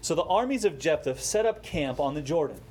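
A man preaching a sermon, explaining a scripture passage with rising emphasis and quieter, slower asides. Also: a little high, animated, husky. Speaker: pastor.

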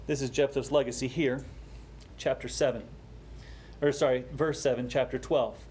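A man preaching a sermon, explaining a scripture passage with rising emphasis and quieter, slower asides. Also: mid-range voice, fairly even intonation, a little hiss or hum. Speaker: pastor.

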